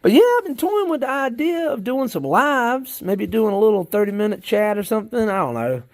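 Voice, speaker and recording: A Southern US worm farmer rambles in folksy, casual chat while digging through his worm bins outdoors. His high-pitched voice is very animated and a little fast, captured in studio quality with no room sound.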